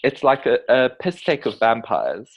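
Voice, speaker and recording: A young South African man chatting as a podcast guest, quick and jokey, peppering his talk with "like". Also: medium pitch, sing-song, highs cut off. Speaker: podcast guest, pop artist. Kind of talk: casual chat.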